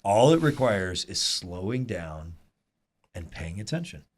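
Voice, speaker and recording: Lively low-voiced male Bible teacher. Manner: animated, quick asides and rhetorical "right?". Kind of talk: conversational teaching to a small group.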